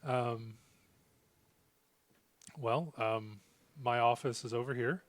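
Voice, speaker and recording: A man narrating a tabletop role-playing game as game master, halting with many ums and uhs. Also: mid-range voice, steady tone, dry recording.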